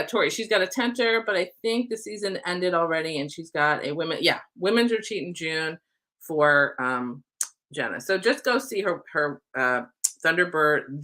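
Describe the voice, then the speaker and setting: A woman's voice: lowish voice, animated, moderate pace, sharp tone. A middle-aged woman and spiritual life coach, chatting casually to camera in a rambling, affectionate way and often saying "y'all".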